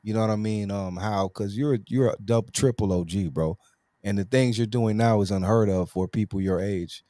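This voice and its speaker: A man's voice: on the low side, normal speed, dark tone, no echo. A man hosting an interview show, asking questions in a laid-back, slangy way and rephrasing as he goes. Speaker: host. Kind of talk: casual interview.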